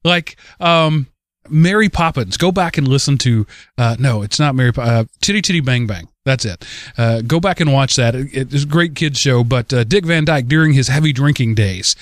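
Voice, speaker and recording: A man's voice: mid-range voice, moderate pace, no room sound, clean studio sound. A man co-hosting a podcast in casual chat, rambling and restarting his sentences often. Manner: rambling, with many restarts and stammered repeats. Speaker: podcast co-host.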